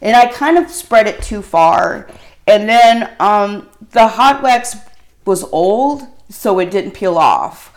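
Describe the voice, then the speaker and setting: A woman's voice: medium pitch, animated, slow pace. A middle-aged woman telling an embarrassing story in casual chat, rambling and laughing as she goes.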